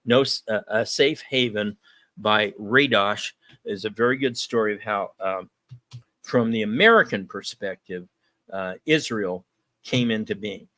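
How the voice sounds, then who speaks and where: A man's voice: lowish voice, measured pace, sharp tone, no echo. A man hosting a political talk show who tells stories in a conversational, folksy way, full of ums and uhs.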